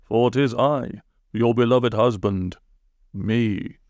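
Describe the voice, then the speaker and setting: An earnest hero husband, voiced by a male narrator declaims in slow, grand, archaic phrases. He is devoted and theatrical, never rushed. The sound is dry and close. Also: medium pitch, a little mellow, dry recording, muffled recording.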